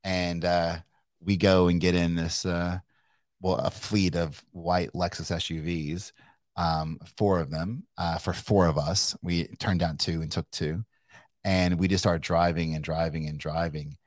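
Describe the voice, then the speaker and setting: A middle-aged man from Kentucky, a guest telling a business story in a casual, animated way with plenty of swearing, laughter and restarts. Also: low-pitched, measured pace, dry recording, studio quality. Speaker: guest entrepreneur.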